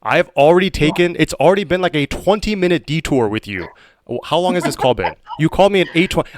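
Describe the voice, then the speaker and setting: A man streaming and chatting on a call, teasing and exasperated in a deadpan way. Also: a little high, fast talker, slight background noise. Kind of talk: casual chat on a call while streaming.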